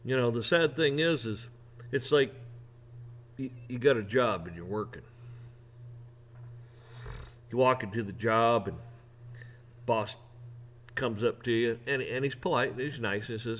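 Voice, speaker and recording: A man in mid-rant on his own show, blunt and heated. He swears freely and stumbles over repeated words as he pushes his point. His pitch sits right in the middle for a man. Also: unhurried, long pauses, fairly bright tone, a little hiss or hum. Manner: repeats words and restarts when worked up. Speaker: podcast host. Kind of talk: opinion rant.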